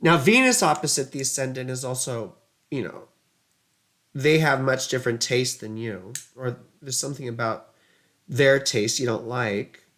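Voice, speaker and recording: A woman's voice: extremely low pitch, moderate pace. A woman giving a casual astrology reading, chatty and rambling, drifting into side stories. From United States. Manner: rambling, digressive, chatty, self-mocking.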